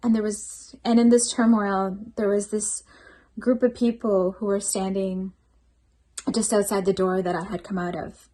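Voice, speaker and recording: A woman's voice: medium pitch, flat delivery, unhurried, warm tone. A woman, a night-shift healthcare worker, giving an earnest, reflective personal testimony at a devotional program.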